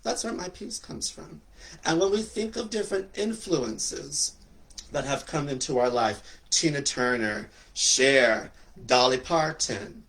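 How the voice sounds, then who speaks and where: Sassy, preachy man, a bit high. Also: a little slow, fairly bright tone. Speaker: spiritual talk host. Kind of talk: motivational monologue.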